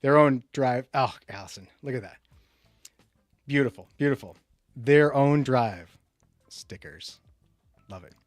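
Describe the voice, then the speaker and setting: A man hosting a casual tech livestream. He rambles and restarts a lot, jumping between loud emphatic bursts and low muttered asides. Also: a little slow, long pauses, no room sound, studio quality, soft background music. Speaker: livestream host.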